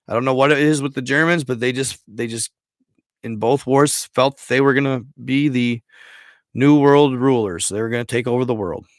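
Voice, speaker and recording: A man's voice: medium pitch, normal speed, dry recording, clean studio sound. A man hosting a casual livestream, rambling through a history story in slangy speech and stumbling over words. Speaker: livestream host.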